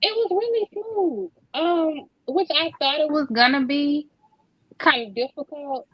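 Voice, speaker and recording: A woman's voice: sits high, unhurried, highs cut off. A woman in her thirties with a Louisiana accent, a guest author chatting in a podcast interview and laughing easily. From Louisiana, USA. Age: 30s.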